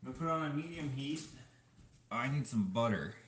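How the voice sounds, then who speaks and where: A man's voice: mid-range voice, lively intonation, quick pace. A man from Canada rambling in casual chat to a live chat while he cooks in his home kitchen. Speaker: vlogger. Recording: clattering kitchen noise.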